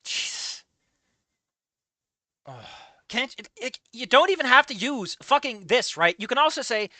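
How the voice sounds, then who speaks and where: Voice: mid-range voice, sing-song, fairly quick, pushed and bright, dry recording. A streamer reading through a game and ranting about its writing in a profane, exasperated way. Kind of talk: game playthrough commentary.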